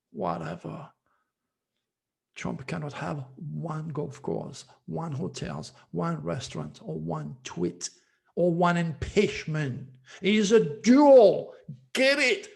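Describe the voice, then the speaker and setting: A man's voice: high-pitched, vocal fry. A man hosting his own channel as an astrologer, speaking in an emphatic, repetitive monologue that scolds his listeners.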